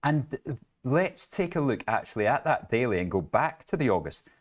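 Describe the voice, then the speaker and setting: A man's voice: mid-range voice, sing-song, moderate pace. A middle-aged man co-hosting a live trading show, conversational with jokey asides. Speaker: co-host. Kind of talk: live market commentary.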